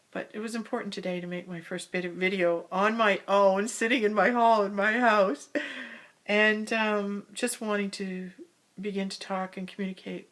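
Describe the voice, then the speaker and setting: A woman telling a personal spiritual story in a casual monologue, recorded in the hall of her house, sometimes dropping to a soft whisper. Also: mid-range voice. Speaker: spiritual speaker.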